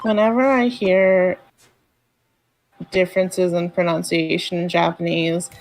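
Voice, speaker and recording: A woman's voice: lowish voice, little pitch movement, unhurried, darkish tone, faint music behind. A woman co-hosting a game stream, rambling casually with many fillers. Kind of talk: casual gameplay chat.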